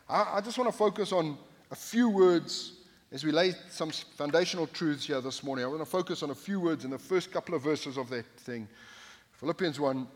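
A man's voice: on the high side, brisk. A man preaching a sermon from the pulpit, speaking emphatically and repeating his key phrases, with joking asides to the congregation. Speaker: pastor. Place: church sanctuary, at the pulpit. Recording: long hall reverb.

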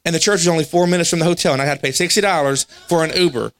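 Animated preacher with a higher voice. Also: male voice, very fast, dry recording. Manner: animated, acts out quoted voices, laughs at himself. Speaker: pastor. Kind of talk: storytelling sermon. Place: church sanctuary.

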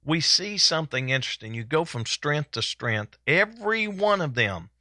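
A man's voice: a little high, very animated, moderate pace, bright, forceful tone, dry recording, clean studio sound. A man preaching a sermon at a church service. He is fervent and folksy and hammers his points home by repeating them. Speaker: pastor.

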